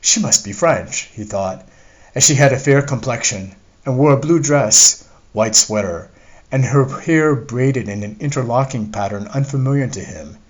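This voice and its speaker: A man narrating a memoir audiobook in a measured, reflective reading, as its author. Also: medium pitch, highs cut off.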